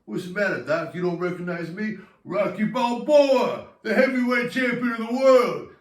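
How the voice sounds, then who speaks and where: A man playing a frantic comedian patient who keeps slipping into loud, jumpy put-on voices. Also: moderate pace, reverberant, distant mic, close to an everyday voice. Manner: frantic, loud, jumping pitch and pace between put-on voices. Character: manic male comedian lurching between impressions.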